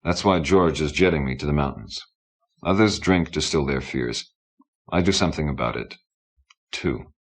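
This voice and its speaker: A haughty, scornful fading starlet, read by a man in a very deep voice, worldly and bossy, plainly bored with the people around her. She gives orders in the low, even tone of a storybook reading. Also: normal speed. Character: sour, scornful fading female entertainment star.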